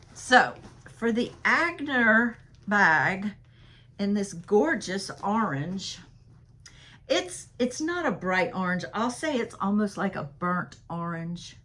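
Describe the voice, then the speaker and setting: Casual woman, mid pitch, friendly chatter, laughs easily, sells purses on camera. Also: a bit bright. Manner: chatty, laughs often, talks straight to viewers. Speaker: resale seller. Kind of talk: casual sales haul vlog.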